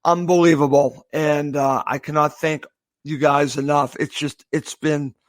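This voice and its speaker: An emotional man from the area, wrapping up his long-running podcast. His voice sits a little high and the sound is close and dry. He talks haltingly, stops and restarts, and says thank you over and over. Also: level tone, no room sound. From Boston area, USA. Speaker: podcast host. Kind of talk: heartfelt farewell monologue.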